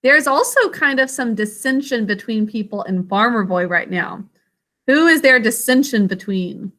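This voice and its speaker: Woman teacher, bright and slightly high voice, patient, spells words out syllable by syllable for the class. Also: expressive. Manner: patient, sounds out syllables slowly and clearly; asks students questions and calls on them by name. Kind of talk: classroom vocabulary and spelling lesson.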